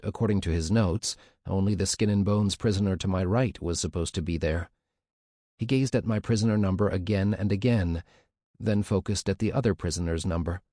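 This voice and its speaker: A man narrating a first-person memoir audiobook in a measured, scripted storytelling manner. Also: low voice, warm tone, no echo, studio quality.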